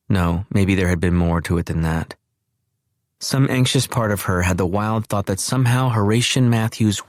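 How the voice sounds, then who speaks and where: A man with a very low voice narrates an audiobook in a measured, even way. The recording is dry and close, with no room sound at all. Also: dry recording. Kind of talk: scripted narration.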